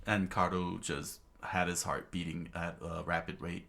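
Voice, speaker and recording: Man with a deep, lively, bright voice. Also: slow. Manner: rambling with many fillers and giggles. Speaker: reader of a comic. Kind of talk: loose improvised comic reading.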